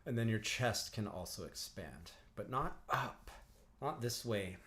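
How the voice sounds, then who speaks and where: A man who teaches didgeridoo and works as a counsellor gives a calm breathing lesson on a livestream. He speaks in an instructive way, often clears his throat and greets viewers in the chat. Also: lowish voice, measured pace. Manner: chats with viewers in the live chat.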